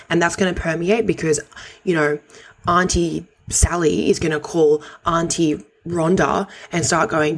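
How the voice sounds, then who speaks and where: A woman's voice: lowish voice, moderate pace. A woman hosting a podcast, giving direct, practical coaching advice in a conversational way and swearing casually now and then. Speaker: podcast host.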